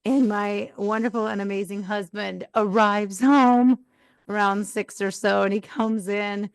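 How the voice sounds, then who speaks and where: A woman's voice: medium pitch, fairly even intonation, unhurried, smooth, no room sound. A woman hosting a live podcast, telling an earnest, rambling personal story as a mom. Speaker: podcast host.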